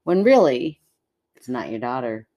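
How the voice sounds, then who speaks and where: A woman's voice: extremely low pitch, big pitch swings, unhurried, dark tone. Giggly woman co-hosting a chat. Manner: giggly, playful, self-mocking. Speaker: podcast co-host. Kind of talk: casual chat reacting to stories.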